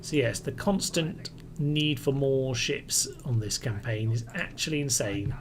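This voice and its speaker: A man giving casual, wry commentary as he plays a strategy game, thinking aloud and mildly exasperated by setbacks. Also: unhurried. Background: faint music and air conditioner rumble.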